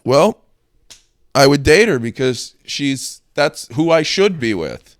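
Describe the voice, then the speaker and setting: A young man co-hosting a casual comedy podcast, delivering provocative jokes in a deadpan way. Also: medium pitch, takes it slowly, no echo, clean studio sound. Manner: deadpan, provocative shock humor with frequent laughs. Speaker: podcast co-host.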